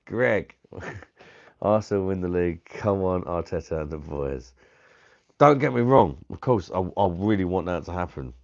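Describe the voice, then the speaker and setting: A man's voice: deep voice, normal speed, warm tone. A man hosting a live stream, chatting casually with viewers by name, laughing often and swearing freely. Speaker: live-stream host reviewing beer. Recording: dull lo-fi stream audio.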